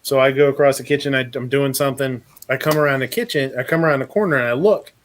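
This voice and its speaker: A man hosting a loose live chat, telling a long rambling story. He swears freely, laughs often, and talks at a medium pitch. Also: quick pace, a little hiss or hum. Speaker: podcast host. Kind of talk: casual chat.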